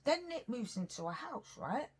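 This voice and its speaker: A British woman vlogs a mukbang, chatting in a rambling, earnest way as she eats on camera. Her voice is fairly high and sing-song, with a husky quality, and she talks at a normal speed.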